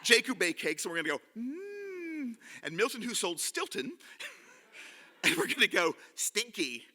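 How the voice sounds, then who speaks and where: A man telling a story live to an audience in a hall, animated and leading them in call-and-response. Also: high voice, moderate pace.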